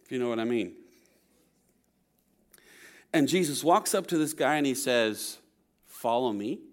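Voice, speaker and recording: A man's voice: mid-range voice, expressive, measured pace. A man preaching a sermon to his congregation, conversational, with playful humor and frequent checks like "okay?". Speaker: pastor.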